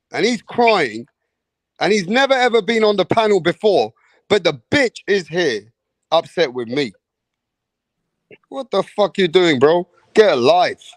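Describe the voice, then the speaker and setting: A man's voice: sits high, no echo. A man, hosting a live online show, ranting in an exasperated, profane way and repeating "bro" and "man". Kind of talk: heated live-stream rant.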